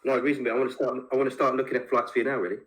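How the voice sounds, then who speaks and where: A man on a podcast chatting casually, teasing his co-hosts and cutting in with quick remarks. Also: medium pitch, level tone, fairly bright tone, poor audio. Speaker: podcast co-host.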